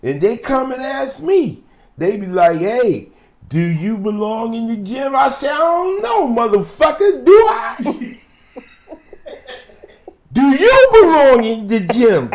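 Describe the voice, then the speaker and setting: A man voicing a brash, cocky middle-aged boxer who boasts and shouts. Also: extremely high pitch, sing-song, takes it slowly, full character voice.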